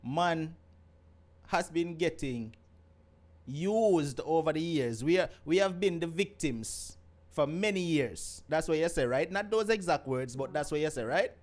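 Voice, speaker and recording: A man's voice: on the high side, animated, unhurried. A man with a Jamaican accent hosting a live call-in stream, teasing his caller and reading out viewer comments. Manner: teasing, laughs often, reads viewer comments aloud. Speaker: host of a live call-in show. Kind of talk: casual live-stream chat.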